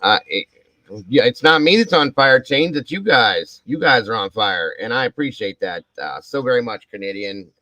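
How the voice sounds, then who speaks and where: A man's voice: mid-range voice, expressive, moderate pace, sharp tone, no echo, low-quality recording. An older man hosting a casual live stream at home, effusively thanking viewers one by one. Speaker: livestream host.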